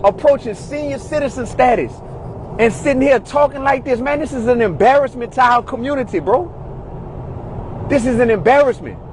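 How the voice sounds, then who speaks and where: A man's voice: very high voice, normal speed, a little hiss or hum, low-quality recording. A man delivering a ranting monologue, exasperated and preachy, repeating his points. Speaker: commentator in a played clip.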